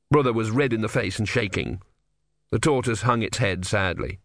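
A man's voice: on the low side, normal speed, no room sound. A man reading a story aloud as narrator with a dry, wry delivery. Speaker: audiobook narrator.

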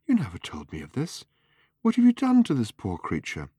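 A man's voice: on the low side, big pitch swings, quick pace, no room sound, studio quality, pitched above the performer's own voice. A man voicing a frank young woman traveller in a lightly raised voice. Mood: alarmed.

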